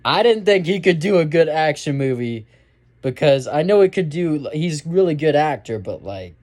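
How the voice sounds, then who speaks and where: A man's voice: a little high, expressive, normal speed, darkish tone. A young man giving a casual, rambling movie review, full of fillers and restarts. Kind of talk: casual spoken film review.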